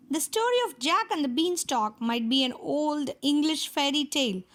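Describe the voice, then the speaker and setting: A woman reading a fairy tale aloud for children in a steady storytelling manner. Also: high-pitched.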